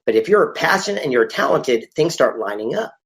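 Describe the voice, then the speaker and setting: A man who is a podcast guest, telling anecdotes in a lively conversational way and acting out the dialogue. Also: medium pitch, a little fast. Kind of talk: conversational storytelling.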